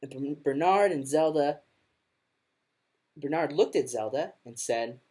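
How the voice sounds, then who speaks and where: A woman music teacher reading a children's picture book aloud to her class in an expressive storytelling manner. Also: deep voice, measured pace, pauses often.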